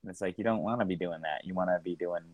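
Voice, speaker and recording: A man's voice: low-pitched, fast, dry recording, narrow, tinny audio. A man co-hosting a podcast, chatting casually and joking around with lots of laughter. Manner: joking, laughs often, mock accents. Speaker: podcast co-host. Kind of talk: casual banter while drawing.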